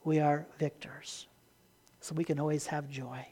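A pastor preaching a Sunday sermon, rising to emphatic points and dropping quiet, often repeating words as he restarts. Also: on the high side, little pitch movement, a little slow, breathy edge.

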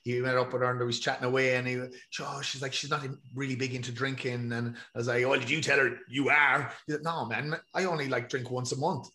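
A man's voice: mid-range voice, level tone, fast, hardly any pauses, pushed and bright. Swearing Irish man, roomy echo. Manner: swears freely, rambling storyteller. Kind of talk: casual chat. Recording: echoey room.

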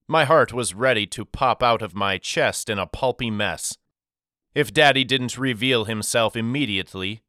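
Crisp-voiced male audiobook narrator. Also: medium pitch, dry recording, clean studio sound. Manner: measured, expressive storytelling. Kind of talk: first-person audiobook narration.

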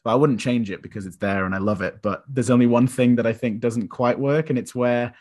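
A man's voice: medium pitch, brisk. A young man co-hosting a podcast, talking enthusiastically about a film, rambling with restarts. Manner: enthusiastic, rambling, with animated quoted voices. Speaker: podcast co-host. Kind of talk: casual film discussion.

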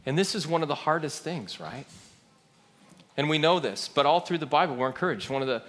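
A man's voice: fairly high pitch, animated, fairly quick, fairly bright tone, long reverb tail. A man giving a sermon as a pastor, telling a story in a conversational way and asking the crowd questions.

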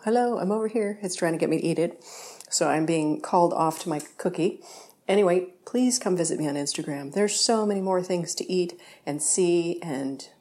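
Woman, lowish voice, casual home-kitchen baking host, rambling and self-correcting. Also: mellow.

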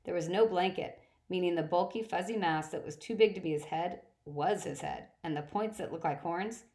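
A woman narrating a first-person adventure story with a fairly low voice. She reads steadily, now and then stumbling and restarting a phrase. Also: normal speed. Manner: steady reading with occasional slips and restarts. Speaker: audiobook reader.

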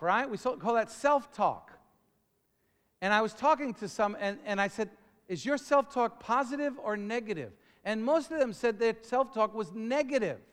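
A middle-aged man preaching a sermon, rambling and repeating words, then building up to shouting. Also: sits high, clean tone. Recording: long reverb of a large hall.

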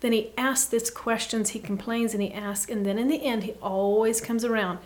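A woman guest giving an earnest, reflective faith talk, often dropping to a soft hush. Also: on the high side, steady tone, moderate pace. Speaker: podcast guest.

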